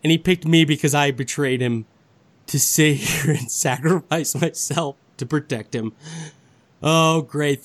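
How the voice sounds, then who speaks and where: A man co-hosting a casual chat, excitable and profane, acting out quotes with big jumps in pitch. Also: unhurried. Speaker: podcast co-host.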